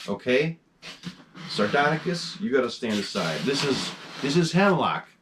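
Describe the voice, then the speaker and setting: A man talking at a desk in his home mask room, rambling with plenty of "um"s and restarts. His voice climbs and dips a lot, and his pitch sits in a middle range. He sounds keen and easygoing, like a casual vlog chat. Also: fairly bright tone, slight background noise. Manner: rambling, enthusiastic, many fillers. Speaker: horror mask collection host.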